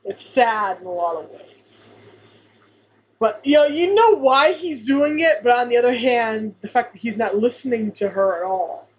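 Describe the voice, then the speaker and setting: A woman's voice: on the high side, lively intonation, moderate pace, rough recording. A woman co-hosting a podcast, chatting casually and emphatically, often repeating her points. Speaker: podcast co-host. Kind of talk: casual chat about a sitcom episode.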